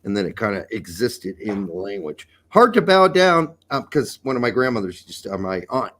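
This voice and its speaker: A man's voice: on the low side, big pitch swings, normal speed, fairly bright tone. A middle-aged man co-hosting a casual podcast, riffing in joking, profane banter. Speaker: podcast co-host. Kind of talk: casual chat.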